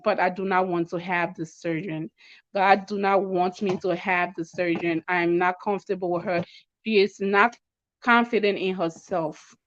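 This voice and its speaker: A woman's voice: mid-range voice, highs cut off. A young woman giving an emotional personal testimony as an interview guest, stammering and repeating words as she tells her story. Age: young adult.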